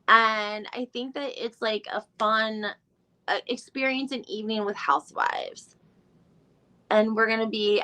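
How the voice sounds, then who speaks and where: Woman live-stream host, slightly high voice, chatty and rambling, casual, swears a little. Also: expressive, measured pace, pushed and bright. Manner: chatty, rambling, thinks aloud while searching online; mild swearing, frequent fillers. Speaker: podcast host doing a live recap.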